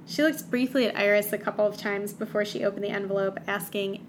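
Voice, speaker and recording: A woman co-hosting a podcast, recapping a book in casual chat with sarcastic asides and quick character voices. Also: medium pitch, steady tone, a little hiss or hum.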